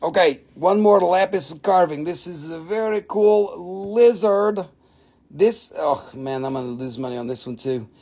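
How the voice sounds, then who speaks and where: High, gravelly man selling crystals live. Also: expressive, unhurried, darkish tone. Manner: joking, profane, haggling. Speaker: host of a live crystal sale. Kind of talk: casual live sales stream.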